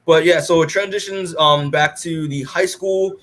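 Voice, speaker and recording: Male podcast co-host, slightly higher voice, casual rambling recap full of "like", acts out dialogue. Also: fairly even intonation, normal speed, a bit bright. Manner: rambling, acts out characters' lines, many "like"s. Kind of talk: casual comic book recap.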